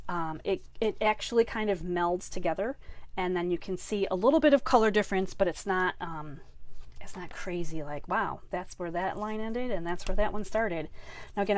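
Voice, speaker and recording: A woman chatting her way through a card-making tutorial, rambling with lots of fillers and restarts. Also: medium pitch. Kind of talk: casual craft tutorial.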